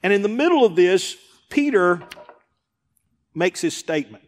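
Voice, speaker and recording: A man's voice: sits high, very animated, moderate pace. A male pastor preaching a sermon, driving points home with emphatic repetition. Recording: hall with long reverb.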